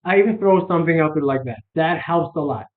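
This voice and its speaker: A man's voice: fairly high pitch, quick pace. A man giving a casual sales lesson, rambling with restarts and fillers. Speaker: sales coach. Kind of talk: casual instructional talk. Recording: tinny phone-like sound.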